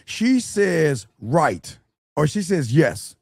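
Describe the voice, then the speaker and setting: A man hosting a livestream as a dating coach, talking bluntly and profanely and growing loud and scornful as he reviews a viewer's messages. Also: fairly high pitch, sing-song, slow, breathy edge, no room sound, studio quality. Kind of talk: livestream advice talk.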